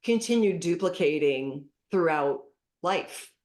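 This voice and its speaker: A middle-aged woman giving parenting advice as a podcast guest, lively and acting out what to say to kids. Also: lowish voice, measured pace. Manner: animated, acts out dialogue with kids as examples. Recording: roomy echoey room.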